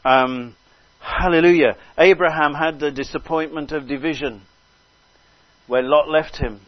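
A man's voice: on the high side, steady tone, a little slow, dry recording. Older man preaching fervently, lo-fi. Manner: fervent, swings between loud exclamations and soft asides; repeats phrases and interjects hallelujah. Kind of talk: sermon. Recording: dull lo-fi recording.

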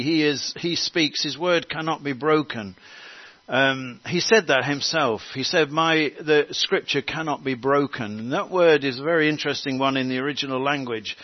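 A man preaching a sermon in an earnest way, pausing with fillers and restarting phrases. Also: a little high, no echo, highs cut off.

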